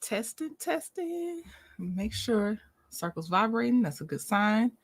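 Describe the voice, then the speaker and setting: A woman's voice: fairly high pitch, very animated, slow pace, husky. A woman hosting a casual livestream, chatty and greeting viewers by name with frequent laughs. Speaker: commentary channel host.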